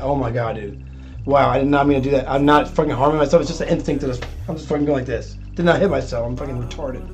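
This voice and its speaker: A man streaming live, ranting angrily and swearing nonstop, with yelling outbursts. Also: medium pitch, fast, a little hiss or hum. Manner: profane, swears constantly. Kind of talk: angry stream rant.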